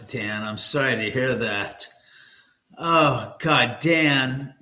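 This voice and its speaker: A man's voice: medium pitch, extremely slow, bright, forceful tone, low-quality recording. A man hosting a casual live stream from his own house, chatting with viewers and reading out their comments. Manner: chatty, reads and answers chat comments aloud. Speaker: livestream host.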